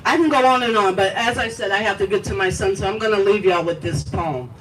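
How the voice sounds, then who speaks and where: Middle-aged woman, rally speaker, delivers an emotional protest poem, mic far off, loud outdoor noise. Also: medium pitch, fast talker, a faint crowd. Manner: emotional, forceful, building in intensity. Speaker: protest speaker, bereaved mother. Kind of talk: impassioned rally speech and poem recital. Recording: distant voice, noisy outdoor rally.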